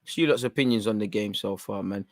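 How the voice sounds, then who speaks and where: A young man giving live, excitable reaction commentary on a football match as host of a fan watchalong. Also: fairly low pitch, fast, dry recording, clean studio sound. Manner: excitable, urgent, coaching the players.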